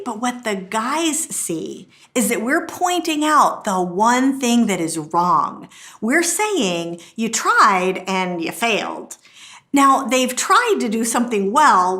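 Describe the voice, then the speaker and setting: A middle-aged woman teaching a marriage course, telling stories and acting out quotes with a lively delivery. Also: on the high side. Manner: lively storytelling, acts out quotes. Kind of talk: teaching talk to camera.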